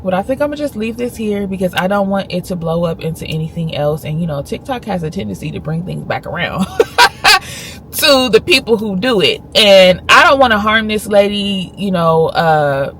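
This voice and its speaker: Woman in her 30s vlogging, low voice, earnest and emphatic, little bit of background hum. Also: fairly bright tone. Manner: earnest and emphatic, retelling a conversation. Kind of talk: casual storytelling vlog.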